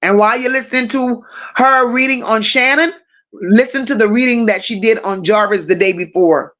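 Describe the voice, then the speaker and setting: A high-voiced woman hosts a loose true-crime livestream, reading out chat comments and firing back at viewers. She talks bluntly and swears freely, teasing regulars with rowdy banter. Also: normal speed, a bit bright.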